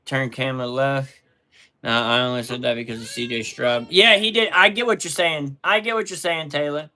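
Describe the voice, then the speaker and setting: Man, live-stream host, casual and laid-back, bossy with kids, bright tone. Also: medium pitch, steady tone, moderate pace. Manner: easygoing, talks through picks while bossing the kids around. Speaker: live-stream host running a mock draft.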